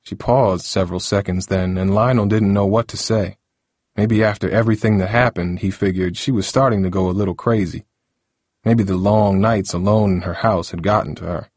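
Deep-voiced man narrating a novel. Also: fairly even intonation, normal speed, a little mellow, no echo, clean studio sound. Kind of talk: audiobook narration.

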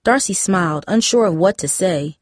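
A woman narrates a story in measured, steady prose reading. Her voice sits on the low side, and the recording is close and dry, with no room sound. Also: dry recording. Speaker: audiobook narrator. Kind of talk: scripted narration.

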